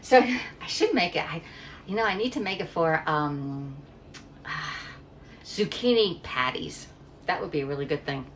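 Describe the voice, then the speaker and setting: A woman's voice: deep voice, animated, a little slow, long pauses, fairly bright tone, a little hiss or hum. Chatty middle-aged woman cooking live. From Pennsylvania. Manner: chatty, reads viewer comments aloud, rambles off topic. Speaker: livestream cooking host. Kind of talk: casual chat while cooking. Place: home kitchen.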